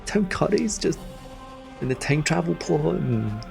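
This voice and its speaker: A man's voice: on the high side, big pitch swings, a little slow, gravelly, over music. A man casually commenting while he plays a video game, chatty and jokey, with enthusiastic asides. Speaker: gaming video host. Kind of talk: casual commentary over gameplay.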